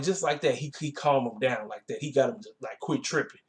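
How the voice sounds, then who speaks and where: A man's voice: medium pitch, a little fast. A man giving a casual, rambling recap of a wrestling show, talking. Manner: laid-back, colloquial, rambling with fillers.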